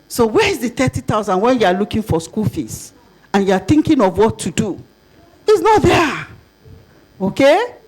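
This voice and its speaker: Lively older Nigerian woman lecturing. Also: fairly high pitch. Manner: lively, talks straight to the audience with rhetorical questions. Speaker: conference speaker. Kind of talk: plenary conference talk.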